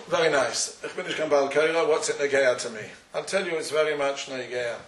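A man's voice: on the high side, fairly bright tone. A man giving a Talmudic lecture, posing questions and answering them in a study-hall cadence. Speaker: Torah teacher. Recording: echoey room, far from the mic.

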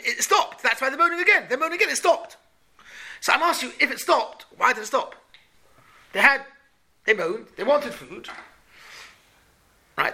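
A man's voice: extremely high pitch, bright, forceful tone. A man teaching a Talmud class to boys, asking questions and repeating his points. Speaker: Torah teacher.

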